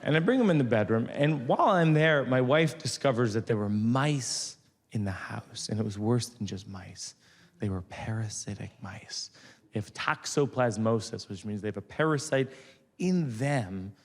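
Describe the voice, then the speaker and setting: A man in his forties doing conversational stand-up storytelling on a theater stage, wry and building to loud punchlines. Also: medium pitch, animated, moderate pace. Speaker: stand-up comedian. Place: theater stage before an audience. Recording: long hall reverb, audience noise.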